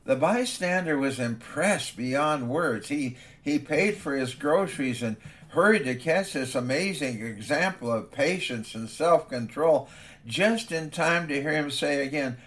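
A man's voice: fairly high pitch, animated, a little slow, fairly bright tone. A man, a father himself, preaching a sermon in a conversational storytelling manner.

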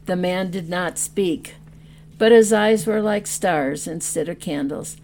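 Woman, gentle storybook reader, low voice, very slow, warm dark tone. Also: a little hiss or hum. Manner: slow, gentle and tender reading. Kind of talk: storybook reading.

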